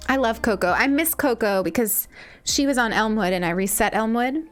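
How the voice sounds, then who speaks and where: A woman from Eastern Long Island with a Long Island accent, chatting casually on a live stream while gaming, rambling and breaking into excited squeals. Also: on the high side, normal speed. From Eastern Long Island, New York. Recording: game music playing faintly behind.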